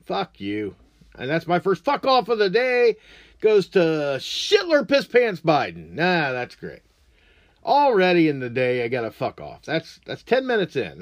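A man's voice: fairly high pitch, huge pitch swings, a little slow, no echo. A man hosting a show, ranting about politics in a blunt, crude, mocking way. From United States. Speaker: podcast host. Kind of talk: profane political rant.

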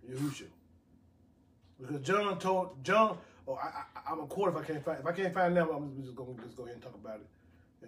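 A man's voice: a little high, fast, a little hiss or hum. A man preaching a sermon, reading scripture aloud and repeating words for emphasis.

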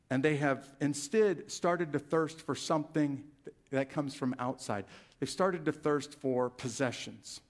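Male pastor, animated sermon delivery, slightly raised pitch. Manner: animated preaching, swelling louder on key phrases.

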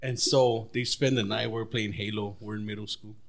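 A man's voice: lowish voice, fairly even intonation, moderate pace, gravelly, noisy background. A man telling stories as a podcast guest in a laid-back, profane way, calling people "bro". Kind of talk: casual chat.

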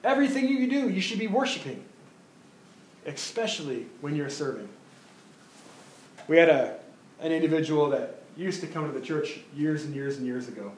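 A man preaching a sermon as pastor, animated, often repeating words as he builds his point. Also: on the high side, reverberant, a little hiss or hum, rough recording.

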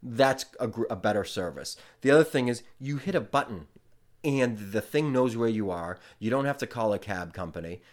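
A young man chats as a podcast guest. He rambles loosely and piles on fillers. His pitch sits in the ordinary middle for a man. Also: expressive, moderate pace. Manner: rambling, filler-heavy, retells exchanges in dialogue. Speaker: podcast guest, comedian and rideshare driver. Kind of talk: casual storytelling chat.

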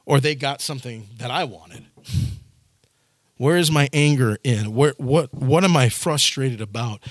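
A man's voice: medium pitch, no room sound. Earnest man preaching a sermon. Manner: earnest preaching with repeated phrases and restarts. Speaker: pastor.

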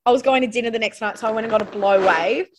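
A woman's voice: on the high side, rapid-fire. Chatty Australian woman telling her story. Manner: chatty, lots of "like" fillers, laughs while telling. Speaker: podcast guest. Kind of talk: casual personal storytelling.

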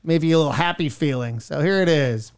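A woman's voice: deep voice, darkish tone, clean tone, soft background music. A woman co-hosting a radio show, chatting and joking in a playful, teasing way. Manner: playful, teasing, quick jokes. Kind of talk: casual morning radio banter.

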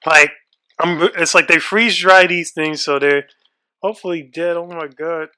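A man's voice: on the high side, fairly even intonation, measured pace, pushed and bright. A young man co-hosting a casual podcast chat, nervous and shaky, swearing freely as he frets aloud. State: shaky and freaked out. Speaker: podcast co-host.

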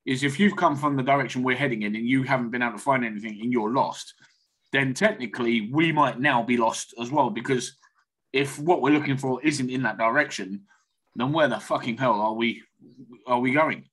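A man playing a tabletop game, joking and asking his questions in halting restarts. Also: medium pitch, a bit bright. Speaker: player. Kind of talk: casual chat at a tabletop game.

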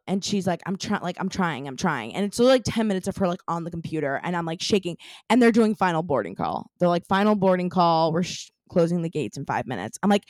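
A woman's voice: lowish voice, fast talker, no echo, studio quality. A young adult woman co-hosting a podcast, telling a story in casual chat with many "like" fillers. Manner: animated storytelling, lots of "like" fillers. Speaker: podcast co-host.

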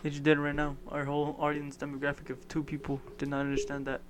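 Wry young man, slightly high. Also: completely flat delivery, fast talker. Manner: wry interjections, joking. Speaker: podcast co-host. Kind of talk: casual chat.

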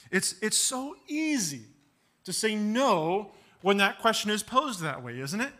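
A man gives a sermon in a high, bright, pushed voice with lively intonation, never hurrying. He earnestly asks rhetorical questions, voices bits of dialogue, and repeats words as his points build.

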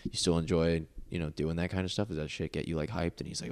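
A man's voice: sits low, little pitch movement, fast, creaky, few pauses. A young man, a podcast guest, telling a long casual story full of "like" and "you know.". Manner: rambling, filler-heavy storytelling with lots of "like".

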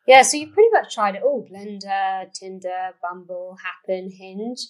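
A woman hosting a casual chat, prompting her guest and reacting quickly. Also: mid-range voice.

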